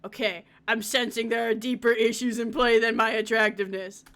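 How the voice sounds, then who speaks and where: A woman's voice: fairly high pitch, little pitch movement, fairly quick, a bit bright, faint music behind. A woman streamer giving casual game commentary, giggly, playful and profane.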